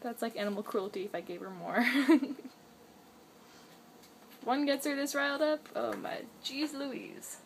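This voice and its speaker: Giggly high-voiced young woman. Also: fairly even intonation, a little slow, pauses often, a little hiss or hum. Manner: giggly, amused, laughs often. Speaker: pet owner filming her kitten. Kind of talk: casual home video commentary.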